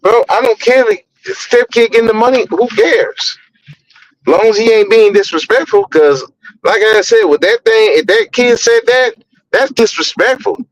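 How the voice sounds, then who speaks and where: Blunt high-voiced man ranting on a podcast. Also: moderate pace, poor audio. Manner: blunt, profane, repeats words when heated. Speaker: podcast host. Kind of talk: opinionated podcast commentary.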